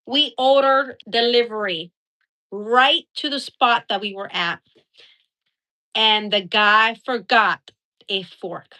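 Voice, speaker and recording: Bright-voiced chatty woman live-streaming. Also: mid-range voice. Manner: chatty, rambling storyteller. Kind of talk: casual live-stream chat.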